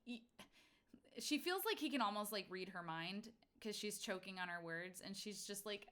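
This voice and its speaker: A woman at a tabletop game, talking in a mid-pitched voice. She rambles excitedly through her character's actions, full of fillers and casual swearing. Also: normal speed. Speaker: player. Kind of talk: casual tabletop role-play.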